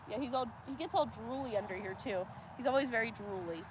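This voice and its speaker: A woman's voice: on the high side, a little fast, few pauses, noisy background. A woman hosting a casual farm livestream outdoors by a cow pen, chatting, laughing often and cooing at the animals, with her camera on a tripod. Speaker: homestead livestream host.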